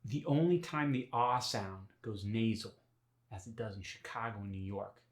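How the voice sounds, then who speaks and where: A man hosting an accent tutorial as a dialect coach, speaking clearly and deliberately as he announces each topic. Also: fairly low pitch, roomy sound.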